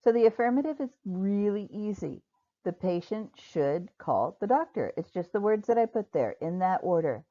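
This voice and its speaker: A woman teaching English grammar in a recorded online lesson, patiently spelling out example sentences slowly. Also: mid-range voice, sing-song. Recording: dull lo-fi recording.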